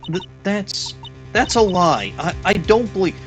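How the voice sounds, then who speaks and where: A man voicing a frightened, fragile young woman witness who stammers and pleads in a hushed voice. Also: high-pitched, lively intonation, measured pace, faint music behind, pitched above the performer's own voice. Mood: scared, pleading.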